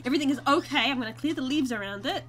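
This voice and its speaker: A woman's voice: high voice, racing, fairly bright tone. A woman hosting a gaming video, chatting casually and giggling to viewers as she plays. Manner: chatty, giggly, talks to viewers while playing. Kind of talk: casual let's-play commentary.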